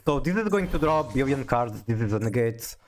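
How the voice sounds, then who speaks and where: A man chats with his audience during a casual card-game stream, reading out chat and stumbling over restarted sentences. His medium-pitched voice is animated, slightly fast, and a touch mellow. There's faint music behind him.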